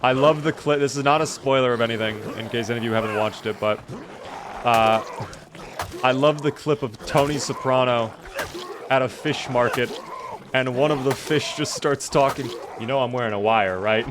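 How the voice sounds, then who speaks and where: A man's voice: medium pitch, steady tone, moderate pace, noisy background. A tired young man streaming a survival game, chatting casually and thanking viewers by name. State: tired, yawning. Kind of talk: casual live-stream commentary.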